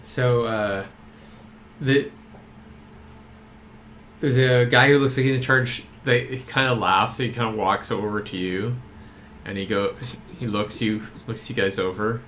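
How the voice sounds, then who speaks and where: A man running a tabletop game as game master, narrating in a relaxed, rambling way with fillers. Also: lowish voice, measured pace, pauses often, a little hiss or hum.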